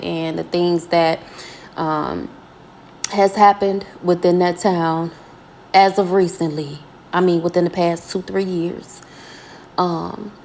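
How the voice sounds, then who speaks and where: A woman community activist from Minnesota, talking casually to her viewers in an animated, folksy way and calling them y'all. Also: on the low side. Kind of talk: casual reaction commentary.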